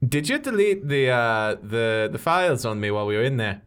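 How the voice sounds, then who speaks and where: A man's voice: medium pitch, very animated, fairly quick, a bit bright, clean tone. A man playing a hesitant young woman racer. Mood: urgent. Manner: hesitant, stammering. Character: young woman, a racer fresh out of juvie, evasive.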